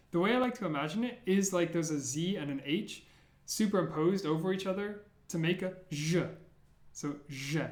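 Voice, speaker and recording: A man teaching the sounds of an alphabet, repeating each one slowly and clearly, with playful memory tricks. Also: on the high side, reverberant. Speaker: language teacher. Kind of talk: slow, deliberate pronunciation lesson.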